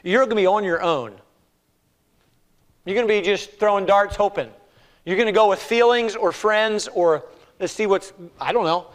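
A man preaching a sermon in a church, swinging between hushed, slow appeals and loud, pleading cries. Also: sits high. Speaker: pastor.

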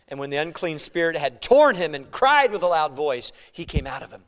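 A male pastor preaching a sermon in a joking, conversational way, swinging from hushed asides to loud emphasis. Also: a little high, expressive, normal speed, clean tone.

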